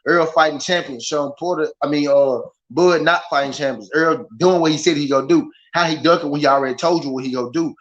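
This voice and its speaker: Animated Southern man ranting on a livestream. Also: fairly high pitch, a little fast, few pauses. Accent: Southern American. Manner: animated, repetitive, addresses chat directly. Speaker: boxing livestream host. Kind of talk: casual live commentary. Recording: slightly dull lo-fi stream audio.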